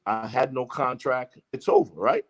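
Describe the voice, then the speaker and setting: Profane, animated male storyteller. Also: medium pitch, normal speed, vocal fry, soft background music. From Jamaica. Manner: profane, emphatic, acts out quoted exchanges. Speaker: interview guest. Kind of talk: casual storytelling.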